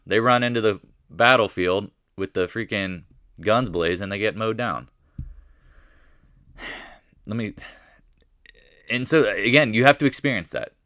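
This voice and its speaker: A middle-aged man hosting live market commentary, talking in an animated way, thinking out loud and firing rhetorical questions as he watches prices move. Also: lowish voice, dry recording, clean studio sound.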